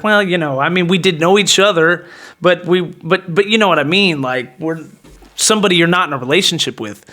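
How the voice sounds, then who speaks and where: A young man with a high voice tells a long boastful story in a brash, taunting way. He rambles, repeats himself, and laughs at his own lines as he goes. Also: sharp tone. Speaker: podcast host.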